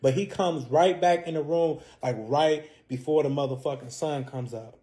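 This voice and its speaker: Profane, animated young man telling a story. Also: a little high, normal speed. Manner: heavily profane, animated retelling that acts out both sides of an argument. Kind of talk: casual storytime monologue.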